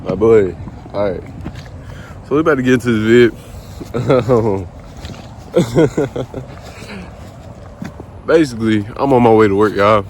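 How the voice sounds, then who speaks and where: A man's voice: on the low side, a little mellow. A young man, out of breath, talking casually to his phone camera while walking outside. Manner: loose slangy banter, drawn-out greetings. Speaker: vlogger. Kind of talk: casual vlog talk to camera. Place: outdoors walking beside a busy road, windy. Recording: wind and traffic noise outdoors.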